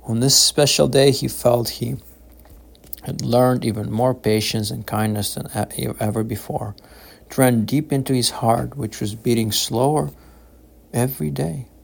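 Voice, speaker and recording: A man reading his own novel aloud in a slow, measured, solemn audiobook narration. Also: medium pitch, steady tone, creaky, husky.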